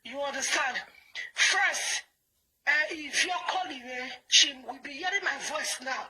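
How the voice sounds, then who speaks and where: A woman's voice: high-pitched, normal speed, sharp tone, low-quality recording. A woman with a Nigerian accent, calling in angry and insistent, pressing her points hard with repeated words. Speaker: caller. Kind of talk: heated phone call.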